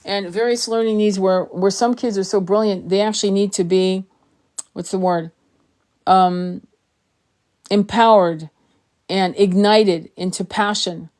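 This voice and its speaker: A woman's voice: medium pitch, fairly even intonation, takes it slowly, long pauses, a little mellow. Woman host chatting live to viewers; blunt, profane, throat sore and tired, sentences often restarted. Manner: blunt, swears freely, many restarts. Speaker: tarot reader hosting a live stream. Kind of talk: casual livestream chat.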